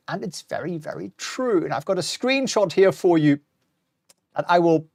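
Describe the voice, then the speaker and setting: A man's voice: fairly high pitch, creaky, darkish tone, no echo, studio quality. A middle-aged man hosting a live-streamed stock market talk, chatty and wry, reading out viewer comments as he goes. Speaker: host.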